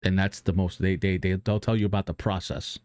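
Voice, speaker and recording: A man's voice: low voice, little pitch movement, a little fast, darkish tone, no room sound. A man streaming live who talks casually and earnestly about motivation, rambling with many restarts and fillers and swearing now and then.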